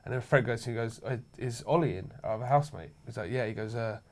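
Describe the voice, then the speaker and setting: A man's voice: medium pitch, fast, darkish tone. A young man telling rowdy anecdotes in casual chat, swearing freely and laughing as he goes. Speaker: show regular.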